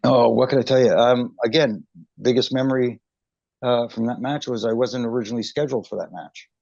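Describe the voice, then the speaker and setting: A man's voice: mid-range voice, fairly even intonation, brisk, gravelly, darkish tone, no echo. A middle-aged man telling a story as an interview guest, with lots of fillers and restarts. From Canada. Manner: chatty, many fillers and restarts, emotional recollection. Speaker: guest, retired wrestling referee. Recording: dry, dull lo-fi call audio.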